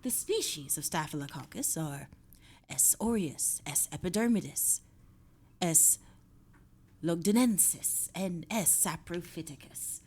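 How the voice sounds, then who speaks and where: A woman voicing a breathy, strained male dark wizard as she reads study notes in a hushed, slow whisper. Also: lowish voice, expressive, heavily acted. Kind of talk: study review read aloud in a put-on voice.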